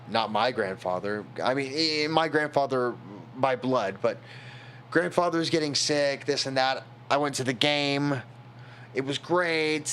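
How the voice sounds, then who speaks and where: A young man on a stream telling a personal story, tipsy, rambling and halting, growing emotional. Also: on the high side, fairly bright tone, slight background noise.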